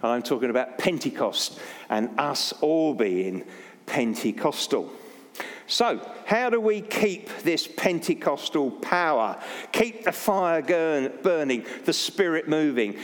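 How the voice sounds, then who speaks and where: A man's voice: a little high, animated, takes it slowly. An older man preaching as a Baptist pastor, jokey and anecdotal, poking fun at himself. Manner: jokey, anecdotal, self-deprecating. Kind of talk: sermon. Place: church. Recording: long church reverb.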